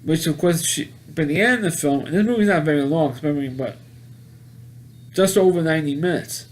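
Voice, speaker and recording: A man casually recapping a movie plot, rambling and halting with many restarts and repeated words. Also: fairly high pitch. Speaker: movie reviewer.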